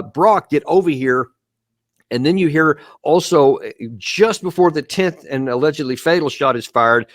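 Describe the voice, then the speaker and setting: A show host and commentator gives live commentary on video clips, walking viewers step by step, emphatically pressing each point and coaching them on what to listen for. His mid-range voice sounds close and dry, with no echo or room around it.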